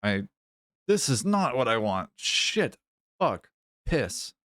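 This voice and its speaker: A man's voice: mid-range voice, very animated, slow, a bit bright, no room sound, studio quality. A man streaming a game, chatting casually, joking and swearing freely, speaking English as a second language. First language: not English. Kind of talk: casual live-stream chat while playing.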